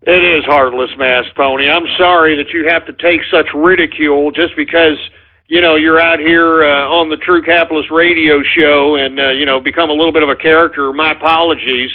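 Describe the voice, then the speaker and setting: A man's voice: a little high, steady tone, brisk. A man hosting a call-in radio show, ranting irritably and swearing at his callers. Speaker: radio host taking voicemail calls. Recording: tinny phone-like radio audio.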